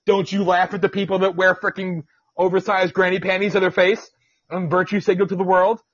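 A man's voice: sits high, flat delivery, fairly quick, fairly bright tone, no room sound. A man hosting an independent radio show, ranting and teasing his co-host in casual, profane talk. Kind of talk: casual podcast rant. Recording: dull lo-fi sound.

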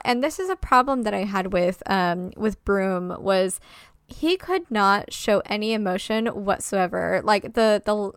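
A woman's voice: medium pitch, clear, resonant tone, no room sound, studio quality. A woman co-hosting a casual film review chat, exasperated, swearing a lot and filling her talk with "like". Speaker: podcast co-host.

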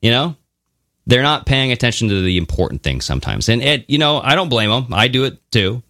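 A man's voice: mid-range voice, lively intonation, fairly quick, bright, forceful tone, no room sound, clean studio sound. A man co-hosting a podcast, talking casually and animatedly, swearing now and then and mocking others in funny voices. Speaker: podcast co-host. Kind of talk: casual conversational podcast talk.

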